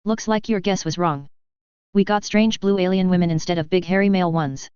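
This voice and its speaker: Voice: medium pitch, fairly even intonation, brisk, darkish tone, clean tone, no echo, lo-fi sound, natural voice. A narrator voicing a joking young male soldier who teases his teammates. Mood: teasing. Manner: joking, teasing.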